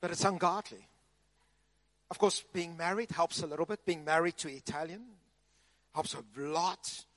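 High, bright preacher. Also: male voice, normal speed, pauses often, no echo. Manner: animated, humorous storytelling. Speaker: pastor. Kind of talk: sermon.

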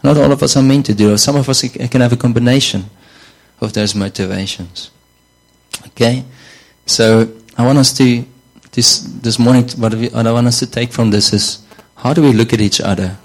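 A man's voice: mid-range voice, fairly even intonation, moderate pace, low-quality recording. A man preaching a sermon in a conversational way, often repeating words and saying "you know".

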